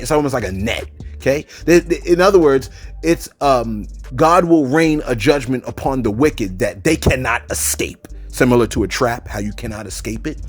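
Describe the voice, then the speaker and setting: A man with hosts a loose livestream chat, answering viewers and slipping into prayer and scripture. His pitch swings lively up and down as he talks. Faint music plays underneath. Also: breathy edge. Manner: loose and animated, prays and preaches with scripture. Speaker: host of a celebrity news channel. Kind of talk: casual livestream chat reading comments.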